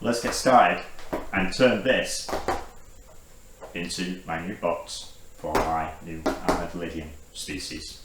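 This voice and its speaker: A man's voice: low voice, steady tone, slow, long pauses. Chatty man in an echoey room. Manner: chatty, self-deprecating, rambling. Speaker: isopod keeper. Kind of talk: casual unboxing narration. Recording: very echoey room with clear background noise.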